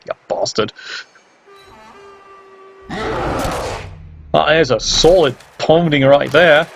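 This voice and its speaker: A man's voice: mid-range voice, gravelly, lo-fi sound. A man giving casual play-by-play game commentary, sardonic and teasing, swearing freely.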